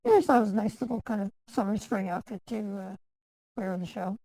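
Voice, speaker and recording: A woman's voice: mid-range voice, quick pace, creaky, mellow, dry recording, low-quality recording. A woman hosting a casual chat show in an easygoing, chatty way. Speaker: host.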